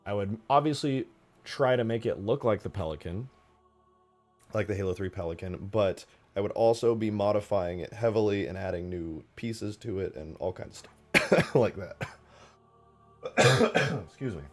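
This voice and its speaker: A man giving relaxed, rambling commentary while modding a game, often correcting himself as he goes. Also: on the low side, moderate pace. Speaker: modding streamer. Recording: faint background music.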